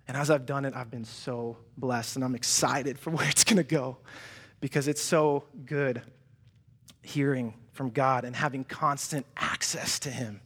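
A young man preaching a sermon in a church, animated and chatty, often restarting his sentences and acting out quoted voices. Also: mid-range voice, slightly rough. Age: young adult. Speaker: pastor. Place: church hall.

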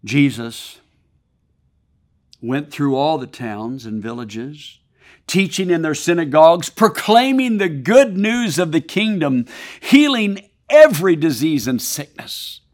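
A man preaching a sermon, paraphrasing scripture and swinging between loud emphasis and hushed drops. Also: on the high side, expressive, slow. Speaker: pastor.

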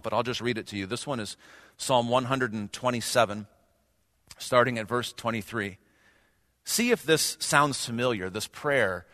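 A man's voice: medium pitch, a bit bright. A male pastor preaching a sermon earnestly, with rhetorical questions and rising emphasis. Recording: long hall reverb.

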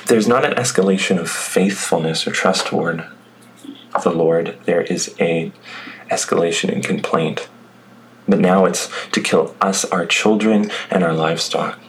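A pastor with a low voice preaches a sermon a little slowly, captured in a low-quality recording. He reads scripture aloud, then reflects on it conversationally with asides to the congregation.

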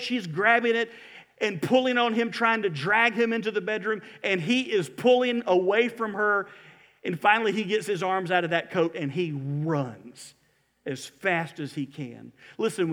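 A man preaching a sermon in a church, telling a story in an animated, emphatic way. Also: high voice, long reverb tail. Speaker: pastor. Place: church building.

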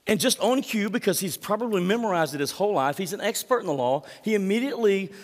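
A man's voice: high voice, lively intonation, fast talker, big-room sound. A male pastor preaching a sermon in a conversational way, often putting direct questions to the congregation.

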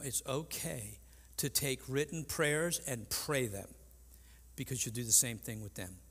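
An older man preaching a sermon as pastor, earnest and halting, with frequent restarts. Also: medium pitch, a bit bright. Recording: long reverb in a large hall.

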